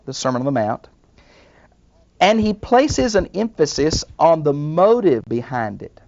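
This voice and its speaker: An older man, a retired professor, giving a recorded Bible lesson in a thoughtful, unhurried lecturing manner with small asides. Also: medium pitch, creaky, muffled recording. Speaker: Bible teacher.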